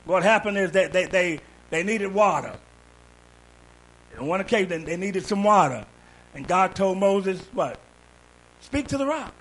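High-pitched, bright-voiced male preacher. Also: measured pace, slightly rough, rough recording. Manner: call-and-response preaching, rising to shouts. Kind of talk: sermon. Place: church.

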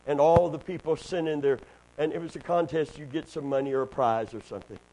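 A middle-aged preacher man with a high voice delivers a sermon. He surges into loud, soaring lines, then drops into low, quiet asides to the congregation. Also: a little fast, poor audio. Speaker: pastor.

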